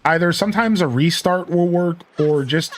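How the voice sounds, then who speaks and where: A man's voice: sits high, moderate pace, slight background noise. A man casually chatting while live-streaming a video game, reading chat and laughing easily. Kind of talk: casual live gameplay commentary.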